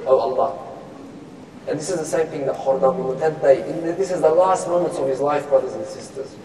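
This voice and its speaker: A man's voice: on the high side, a little fast, warm tone, slight background noise. Impassioned male preacher in an echoey hall. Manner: impassioned, building to chanted lament. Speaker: sheikh. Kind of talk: sermon storytelling. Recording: echoey hall, mic far off.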